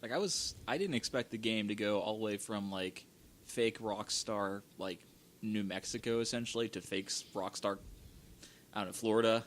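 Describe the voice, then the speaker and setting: A man co-hosting a casual podcast chat, talking in a relaxed, rambling way with lots of fillers. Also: lowish voice, moderate pace, slight background noise. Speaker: podcast co-host.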